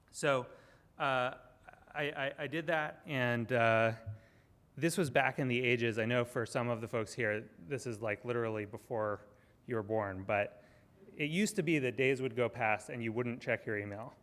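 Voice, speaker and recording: A man giving a university lecture as a relaxed, rambling storyteller who trips over his own words and starts sentences again. His voice sits at an ordinary middle pitch. It rings out through a large hall with a long reverb. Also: measured pace. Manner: chatty, full of fillers and restarts. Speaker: guest lecturer.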